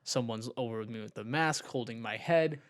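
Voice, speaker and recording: A man's voice: medium pitch, a little fast. A young man co-hosting a podcast, telling a long story in a rambling, casual way with lots of filler words. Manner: rambling storytelling with many likes. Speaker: podcast co-host. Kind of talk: casual chat.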